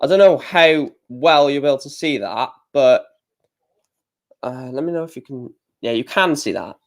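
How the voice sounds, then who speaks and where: A man's voice: mid-range voice, lively intonation, normal speed. A man hosting a live stream, chatting casually, reading out match results and answering his chat with lots of fillers. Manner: chatty, reads out scores and chat, many fillers.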